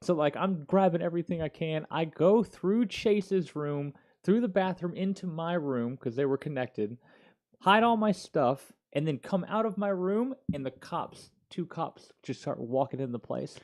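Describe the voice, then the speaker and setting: A man in his thirties hosting a casual talk show, telling a story in an animated, slangy way. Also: a little high, a little slow. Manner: slangy, animated, peppered with "dude" and "yo". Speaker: podcast host.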